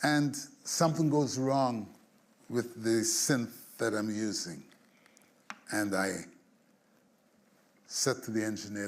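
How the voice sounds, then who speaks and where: A man, a songwriter being interviewed, telling an anecdote in an animated way, acting out the scenes, humming bits of tunes and chuckling along. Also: lowish voice, slow pace, long pauses. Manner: animated storyteller who acts out scenes and hums tunes; chuckles through his stories. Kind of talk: storytelling anecdote.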